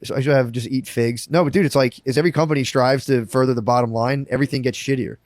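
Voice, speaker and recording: Fast-talking crude male podcast co-host. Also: mid-range voice, steady tone, darkish tone, no room sound. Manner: rambling, crude, jokey, acts out quoted voices. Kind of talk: crude casual chat. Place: small living room with a couch.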